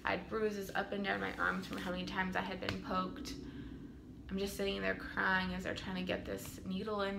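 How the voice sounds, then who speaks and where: This woman, also in her twenties, speaks with a mid-range voice and some vocal fry over a noisy background. She earnestly recounts her own birth story to the camera from a room at home, with lots of ums, in a casual storytelling style.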